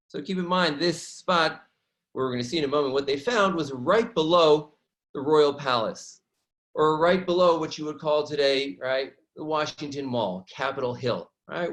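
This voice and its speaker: A male educator walks viewers through slides in an online lesson. His voice sits a little high for a man, and his delivery is animated. He keeps checking in with his audience by asking "right?".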